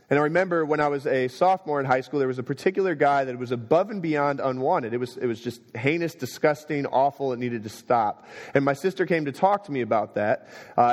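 A young adult man preaching a sermon, telling stories and swinging between quiet moments and emphatic ones. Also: on the high side. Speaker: pastor. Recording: long reverb of a hall.

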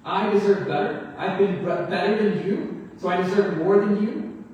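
A preacher voicing a bitter, self-righteous older son. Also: male voice, high-pitched, normal speed, highs cut off, close to an everyday voice. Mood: resentful. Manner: indignant, complaining. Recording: echoey hall, mic far off.

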